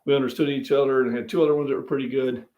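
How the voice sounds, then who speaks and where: Speaking fast and flat, an older man with a warm, medium-pitched voice hosts a casual cooking live stream from his kitchen at home. He runs a fitness channel and rambles in a folksy manner, addressing viewers directly. The recording is roomy and off-mic.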